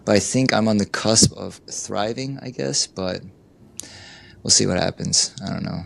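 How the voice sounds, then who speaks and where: This middle-aged man, a life coach, speaks in a lowish, creaky voice at a moderate pace. Being interviewed, he shares frank stories conversationally, voicing the people he quotes and leaning often on "you know."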